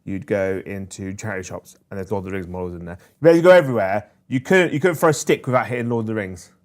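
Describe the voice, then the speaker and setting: A man's voice: on the low side, very fast, darkish tone. A man co-hosting a casual podcast chat, enthusiastic and nostalgic as he tells stories. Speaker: co-host.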